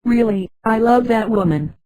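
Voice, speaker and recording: Earnest young guy in love, tts woman voice, mellow, dry. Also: a little high, moderate pace, dry recording, natural voice, poor audio. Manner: flat synthetic delivery.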